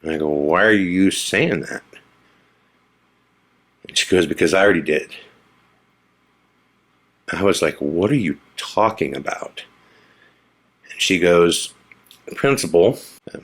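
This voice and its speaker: Husky man telling a story. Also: deep voice. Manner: animated, acts out quotes in a hushed voice. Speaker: podcast host. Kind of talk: storytelling monologue.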